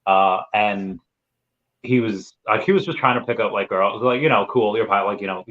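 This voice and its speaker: A man's voice: on the low side, fairly quick. A man in his thirties hosting a podcast, telling rambling stories full of fillers. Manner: rambling storyteller, many fillers. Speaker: podcast host. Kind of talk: casual chat. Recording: muffled lo-fi sound.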